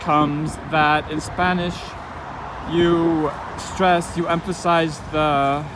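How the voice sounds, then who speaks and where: A man giving an informal spoken lesson, thinking aloud as he goes, with halting restarts and frequent fillers. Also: on the high side, level tone, background noise. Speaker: language teacher.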